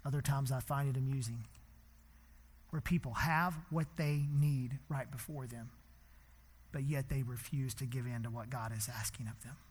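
A man preaching a sermon as pastor in a church, impassioned, swinging between hushed and loud. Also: mid-range voice, steady tone, normal speed, husky, in a large hall.

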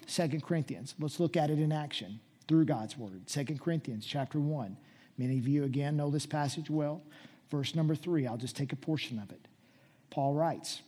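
A man preaching a sermon as pastor, reading scripture quietly and then rising to loud, urgent exhortation. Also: medium pitch, normal speed, husky.

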